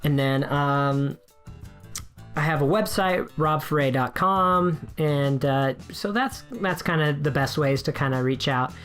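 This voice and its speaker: A man's voice: fairly high pitch, slow pace, fairly bright tone, soft background music. A man as a podcast guest, talking casually and energetically about his work as a wedding DJ, frank and self-deprecating, with frequent restarts. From United States.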